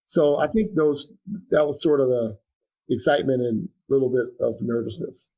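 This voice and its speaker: A man's voice: mid-range voice, normal speed, a little mellow, breathy edge, rough recording. A middle-aged man speaking as a guest in an interview, earnest and reflective, with frequent restarts and fillers. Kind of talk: conversational interview.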